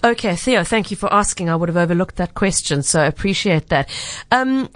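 A woman's voice: on the low side, lively intonation, dry recording. Woman, radio host, chatty, dry studio voice. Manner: chatty, quick to chip in. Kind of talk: radio interview.

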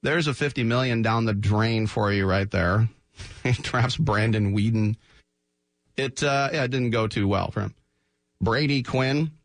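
A man hosting a sports talk radio show, animated and jokey, often slipping into quick mock voices. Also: lowish voice, no echo. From San Francisco Bay Area. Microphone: studio microphone.

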